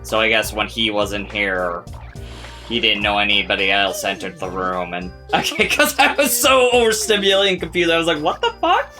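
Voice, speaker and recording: A man's voice: on the low side, big pitch swings, normal speed, bright, forceful tone. A young man casually reacting to a show episode, swearing often and laughing a lot. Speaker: reaction video host. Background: episode audio with music.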